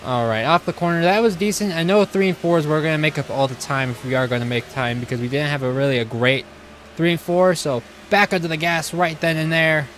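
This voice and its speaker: A man's voice: fairly high pitch, a little fast, fairly bright tone, slight background noise. A man streaming a racing game live, commenting casually and greeting his chat. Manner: eager, casual, talks to chat. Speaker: gaming streamer.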